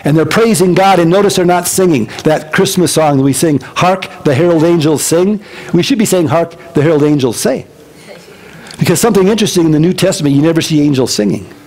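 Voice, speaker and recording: A male pastor giving a casual Bible-teaching sermon to his congregation, animated and conversational with joking asides. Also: a little high, husky. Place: church service before a congregation.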